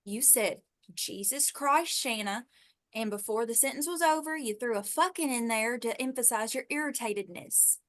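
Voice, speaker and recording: A woman's voice: fairly high pitch, moderate pace, fairly bright tone, natural voice. A woman voicing a teasing, sarcastic young woman from Texas in an amateur audio drama.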